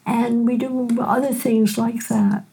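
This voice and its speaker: Older woman with a gravelly, mellow voice. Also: on the high side, fairly even intonation, low-quality recording. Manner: gentle unhurried storyteller, frequent "right?". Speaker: physician and teacher. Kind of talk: storytelling in a conversation.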